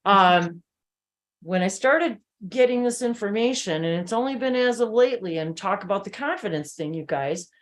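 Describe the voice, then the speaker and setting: A woman's voice: mid-range voice, normal speed. A woman hosting a spiritual video-call hangout, telling stories emphatically and talking straight to her viewers. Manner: animated, emphatic storytelling, addresses viewers directly. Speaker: channeling host. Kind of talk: live video-call chat.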